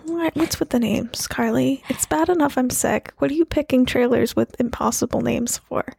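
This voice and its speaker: A woman co-hosts a casual chat podcast while recovering from illness, so her slightly high voice comes out gravelly and rough. She rambles, restarts and jokes about herself. The sound is dry and close. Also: normal speed, a little mellow, no room sound. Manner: self-deprecating, rambling with restarts. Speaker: podcast co-host.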